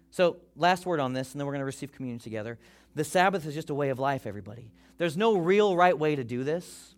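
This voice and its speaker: A pastor preaching a sermon to his congregation, animated, acting out people's worries in quick quoted asides. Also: a little high.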